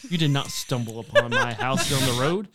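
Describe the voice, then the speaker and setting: A man's voice: mid-range voice, wildly swooping pitch, fairly quick, pushed and bright. A man, co-hosting a casual podcast chat among friends and cracking dry jokes. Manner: joking, dry teasing. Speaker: podcast co-host.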